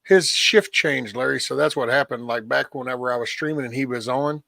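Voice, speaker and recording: A man's voice: mid-range voice, fairly quick, gravelly, dry recording. A man, hosting a live stream and telling stories in casual chat, acting out quotes and swearing freely. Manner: animated storyteller, acts out quotes, swears freely.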